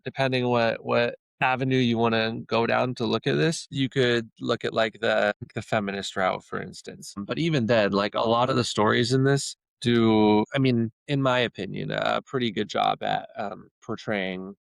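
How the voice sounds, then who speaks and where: A man's voice: mid-range voice, fairly even intonation, moderate pace, creaky, hardly any pauses, dry recording. A man, a podcast guest, retelling stories in a rambling, casual way with many restarts. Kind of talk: casual storytelling chat.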